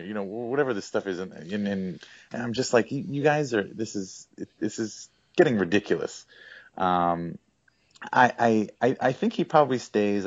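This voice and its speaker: A man co-hosting a casual sports podcast, giving his opinions in halting sentences with many restarts. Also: on the low side, dry recording, dull audio. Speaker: sports blog writer and podcast co-host.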